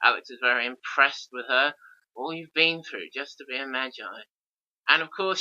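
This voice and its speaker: A man's voice: fairly high pitch, bright, forceful tone. A man giving a casual audio commentary on an episode, enthusiastic with wry asides. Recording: dull lo-fi recording.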